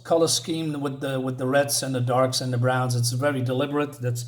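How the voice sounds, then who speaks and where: Halting male comic reviewer. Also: mid-range voice, little pitch movement. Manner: halting, with many restarts and filler words. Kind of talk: casual spoken review.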